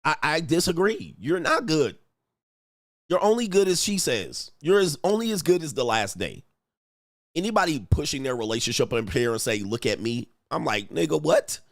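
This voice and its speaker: A man's voice: on the high side, sing-song, moderate pace, dry recording, studio quality. A man giving casual relationship-coach commentary on online comments, blunt and profane, mimicking the men he quotes.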